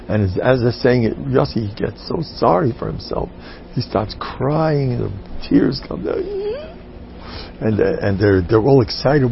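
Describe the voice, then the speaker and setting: A man, a rabbi and teacher, giving a humorous inspirational talk to a group, animated and jumping into character voices. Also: medium pitch, measured pace, creaky, muffled recording, a little hiss or hum.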